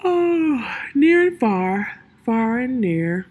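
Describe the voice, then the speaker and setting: A woman voicing a proud, sleepy male cat who speaks slowly and softly in riddles, with a breathy voice. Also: fairly high pitch, very animated, narrow, tinny audio, voice pushed up, exaggerated voice. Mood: dreamy. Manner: slow, soft, sleepy drawl.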